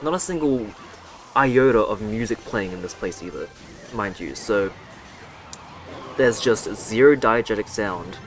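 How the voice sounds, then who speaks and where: Rambling young man, low voice. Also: lively intonation, measured pace, pauses often, soft background music. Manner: rambling and self-mocking, with sarcastic asides and swearing. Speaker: gaming vlogger. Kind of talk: casual storytelling over gameplay commentary.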